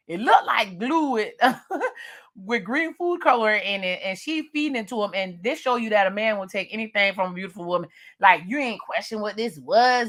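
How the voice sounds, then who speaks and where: A woman's voice: fairly high pitch, expressive, normal speed, a bit bright. A woman recapping a horror movie with jokes and slang, laughing often. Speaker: movie reviewer.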